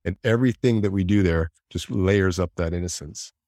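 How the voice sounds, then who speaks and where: Low-voiced man, animated, dry sound. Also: fairly quick, dry recording. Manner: animated, acts out inner voices, laughs often. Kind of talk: reflective conversation.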